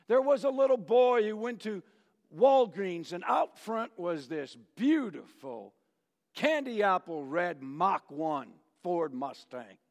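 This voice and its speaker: Male pastor, slow dramatic sermon; gravelly, long church reverb. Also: high-pitched, lively intonation. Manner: dramatic swings between loud emphasis and near-whispers. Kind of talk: sermon with storytelling.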